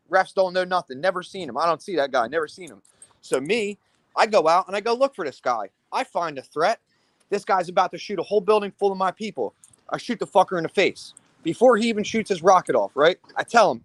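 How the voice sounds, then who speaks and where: A man casually telling a paintball story on a podcast, animated and profane, asking "right?" again and again and acting out other people's lines. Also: high-pitched, no echo. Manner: acts out other people's lines in quick bursts. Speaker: paintball team commander.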